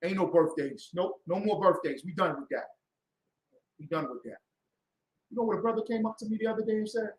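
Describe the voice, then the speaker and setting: A man preaching a heated, mocking street sermon, acting out voices and bursting into shouts. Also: high voice, a little fast, long pauses, reverberant, low-quality recording.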